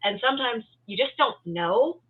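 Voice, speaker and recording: A woman guest talks over a tinny, phone-like line. Her voice is a little husky. She chats freely, leans on fillers and acts out her own inner thoughts. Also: fairly high pitch, lively intonation, moderate pace. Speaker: guest, poet and comics creator. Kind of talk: casual interview chat. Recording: tinny phone-like call audio.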